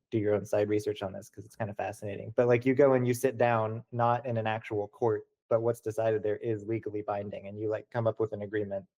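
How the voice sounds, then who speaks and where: A young man answering interview questions casually, full of "like" and "kinda". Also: on the low side. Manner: relaxed, many "like" and "kinda" fillers.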